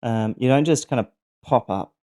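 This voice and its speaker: A middle-aged man hosts a personal podcast, sharing his story of surviving and recovering from abuse. His mid-range voice is slightly mellow and clean, at normal speed, and he reflects earnestly with frequent ums and restarts.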